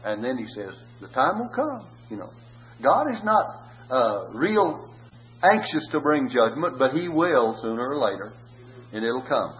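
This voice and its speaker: A man's voice: mid-range voice, very animated, measured pace, a bit bright, lo-fi sound. A man preaching a sermon in an earnest way, rising into pleading cries.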